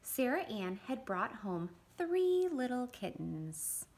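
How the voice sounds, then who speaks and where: A woman reading a picture book aloud to young children as a visiting parent, in an animated, expressive way. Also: on the high side, slow pace, husky. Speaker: parent community reader.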